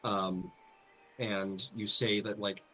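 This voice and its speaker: A man's voice: on the low side, flat delivery, takes it slowly, pushed and bright, soft background music, poor audio. A man narrating a tabletop game as game master, in a loose, rambling way full of fillers. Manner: loose, filler-heavy, many "like"s.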